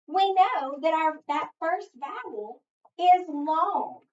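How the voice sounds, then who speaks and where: A woman teaching a phonics lesson, patiently asking questions and answering them herself. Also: very high-pitched. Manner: slow, patient, asks and answers her own questions. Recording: distant, echoey, dull room sound.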